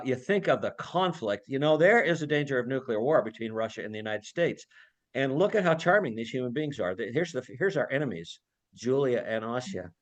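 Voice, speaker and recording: A man's voice: medium pitch, a bit bright. Rambling, jokey man lecturing online. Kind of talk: informal talk on a video call. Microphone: video call.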